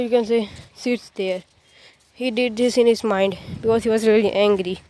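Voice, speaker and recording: A woman's voice: on the high side, a little mellow, a little hiss or hum. A woman casually retelling a fan story in a rambling, filler-heavy way with frequent restarts.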